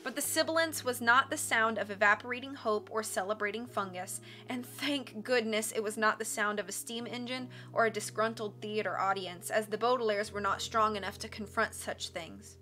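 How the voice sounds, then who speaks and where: A woman reading a novel aloud in a measured, expressive storytelling voice. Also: mid-range voice, soft background music. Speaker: audiobook reader on a stream. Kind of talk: dramatic audiobook narration.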